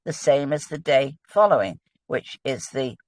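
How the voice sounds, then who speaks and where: A woman's voice: a bass voice, expressive, moderate pace, a little mellow, dry recording. A woman, a guest in a casual religious discussion, explaining with earnest enthusiasm.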